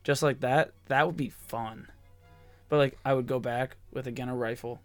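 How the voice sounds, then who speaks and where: A man's voice: mid-range voice, fairly even intonation, moderate pace, soft background music. Rambling young man on a podcast. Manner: rambling, fills with "like". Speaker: podcast co-host. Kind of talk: casual chat.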